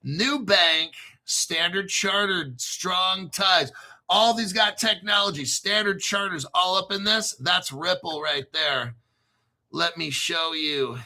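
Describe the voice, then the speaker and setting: The crypto show host here has a high-pitched, very bright, piercing voice and speaks at a slow pace. He rambles loosely and excitably, cursing freely and occasionally breaking off to spell names letter by letter.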